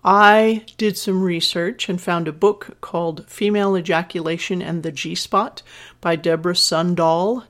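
Speaking slightly slowly with fairly even intonation, this woman over fifty has a voice on the low side. She hosts a podcast and works as a sex educator, giving a listener candid advice mixed with personal anecdotes in a calm, instructive way.

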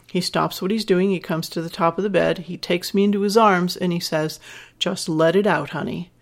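A woman's voice: on the low side, steady tone, brisk. A woman over fifty, a sex educator and podcast host, talking frankly and candidly to a listener and telling personal stories in a reassuring teaching tone. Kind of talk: podcast advice talk to a listener.

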